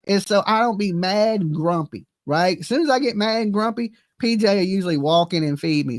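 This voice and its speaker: Male commentary host, high voice, profane and mocking, dry sound. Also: lively intonation, normal speed, hardly any pauses, no echo. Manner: mocking, profane, laughing often. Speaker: commentary streamer. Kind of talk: casual reaction commentary.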